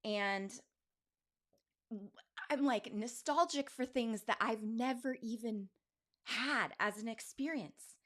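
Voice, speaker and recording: A woman's voice: on the high side, slow pace, long pauses, a bit bright. A woman in her forties, a podcast host, talking candidly in a rambling, self-questioning way with many fillers. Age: 40s. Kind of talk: candid personal monologue.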